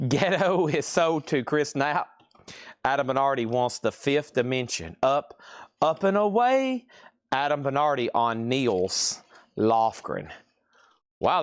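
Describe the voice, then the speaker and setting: Southern man, mid-pitched, drawling host voice, dry close sound. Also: no echo. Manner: drawls out words; chatty, reads out titles and prices. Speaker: live sale host. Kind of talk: live-stream record sale.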